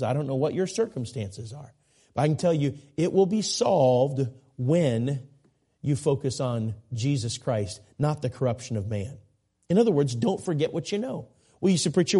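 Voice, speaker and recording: A man in his forties delivering a sermon, his voice pitched a little high yet warm and mellow. He presses his points with earnest repetition and slips in folksy, self-deprecating asides. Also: breathy edge. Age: 40s. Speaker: guest preacher.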